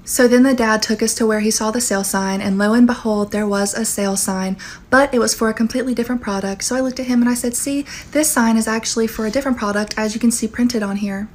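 A woman's voice: on the high side, steady tone, quick pace. A woman who works as a cashier, telling a sassy storytime anecdote. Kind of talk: casual storytime.

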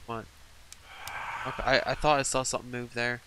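Jumpy young man, bright voice. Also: mid-range voice, little pitch movement, a little fast, a little hiss or hum, rough recording. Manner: jumpy, swears and panics, mutters to himself. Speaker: gaming channel host. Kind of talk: horror game let's play commentary.

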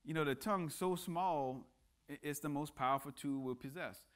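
A man's voice: a little high, normal speed, fairly bright tone. A man speaking as a guest at church, preaching a casual sermon that mixes jokes with earnest appeals and frequent restarts. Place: church sanctuary.

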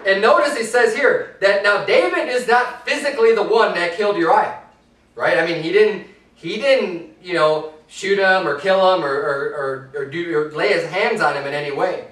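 A high-voiced male preacher reads scripture and then talks it through plainly, climbing sharply when he drives a point home. His voice rings around a reverberant church room, heard from some way off the mic. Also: normal speed, a bit bright, distant mic. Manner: reads scripture aloud, then explains it in loose everyday talk; rises in pitch and force when stressing a point. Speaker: pastor. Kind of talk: sermon.

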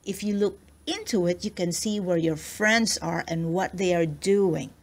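A woman's voice: on the low side, lively intonation, measured pace. A woman voicing a kindly, caring witch in a storybook read-aloud, speaking in a reassuring way. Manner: kind, reassuring.

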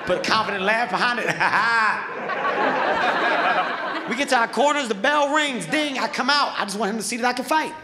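A male comedian telling a story on stage into a handheld mic, animated and profane, acting out scenes. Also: very high voice, quick pace, hardly any pauses, background noise. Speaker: stand-up comedian. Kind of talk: stand-up storytelling. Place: large comedy venue on stage.

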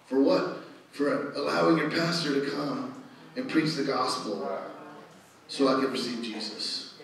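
Animated preaching pastor in an echoey church. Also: male voice, medium pitch, normal speed, vocal fry, far from the mic. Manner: animated storytelling, rising to loud exclamations. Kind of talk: sermon. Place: church sanctuary.

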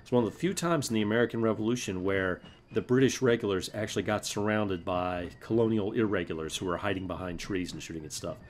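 A man from South Carolina hosting a let's play, mixing excitable yelling and laughter at the game with calm history explanations and casual swearing. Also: lowish voice, fast, a little hiss or hum. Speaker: gaming channel host.

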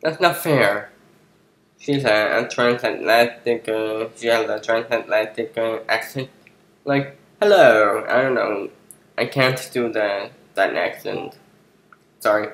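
A man's voice: fairly low pitch, measured pace, creaky, a bit bright. A man giving casual, joking commentary over a game, mumbling with many fillers. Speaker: let's play host. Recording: echoey room, faint music behind.

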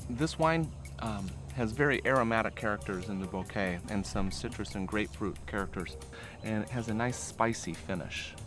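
A man's voice: on the low side, normal speed, hardly any pauses, over music. A man presenting wines at a tasting, hesitant with fillers. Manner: hesitant, with ums.

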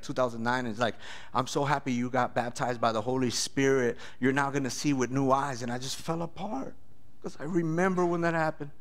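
A pastor telling his testimony in a sermon, animated, acting out voices and often laughing. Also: mid-range voice.

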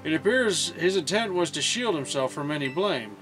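A man's voice: on the high side, lively intonation, normal speed, fairly bright tone, faint music behind. A man reading aloud the lines of a formal older male school director, stumbling over a word now and then. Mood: earnest.

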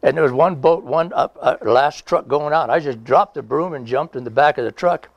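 This nineties-aged veteran, being interviewed, tells a rambling, folksy oral history story with chuckles and reenacted lines. His creaky voice is a little high and moderately paced, and the audio has no room sound but sounds dull.

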